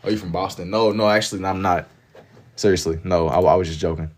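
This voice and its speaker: A young Kentucky livestreamer with a really low voice banters with chat in a chill, slang-filled way while drawing, reading viewers' messages and answering them. He talks fast, with fairly even intonation.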